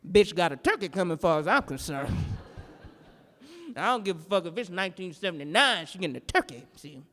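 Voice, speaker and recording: A woman performing a standup comedy routine live, telling a story in a brash, profane, animated way. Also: lowish voice, moderate pace, long reverb tail. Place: live performance in a gallery space.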